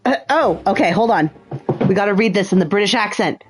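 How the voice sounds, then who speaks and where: A woman's voice: medium pitch, animated, brisk, soft background music. A woman livestreaming a puzzle game, thinking aloud in a chatty way and swearing freely. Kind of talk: casual gameplay commentary.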